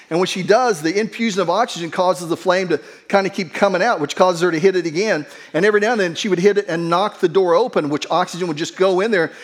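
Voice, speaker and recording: A middle-aged man, a pastor, preaching a conversational sermon and telling a humorous personal story in an earnest, self-deprecating way. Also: high-pitched.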